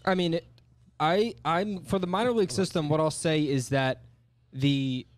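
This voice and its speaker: A man's voice: a little high, moderate pace, dry recording. A man co-hosting a sports podcast, earnest and reeling off stats as he corrects himself. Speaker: podcast co-host. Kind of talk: casual sports chat and rants.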